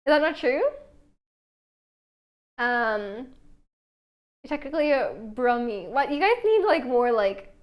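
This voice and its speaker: A young woman with a high voice chats on a live stream from her home kitchen. She reads viewers' messages aloud and rambles easily between them, filling her sentences with "like". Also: lively intonation, slow, long pauses. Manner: chatty, reads chat aloud, many "like" fillers. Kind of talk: casual live-stream chat while baking.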